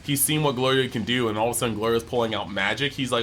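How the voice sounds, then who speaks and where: A man's voice: mid-range voice, faint music behind. Chatty man breaking down an episode. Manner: animated, acts out characters' lines in quick bits; chatty, heavy use of "like". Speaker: anime review channel host.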